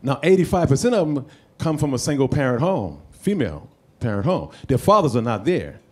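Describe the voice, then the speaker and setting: A man who is a veteran, speaking slowly and earnestly to a panel. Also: mid-range voice, very animated. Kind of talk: earnest community appeal.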